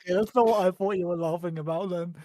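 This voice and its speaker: A man's voice: high voice, quick pace, dark tone, dry recording. A man co-hosting a podcast, chatting casually with short remarks and agreement. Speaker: podcast co-host. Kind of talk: casual chat.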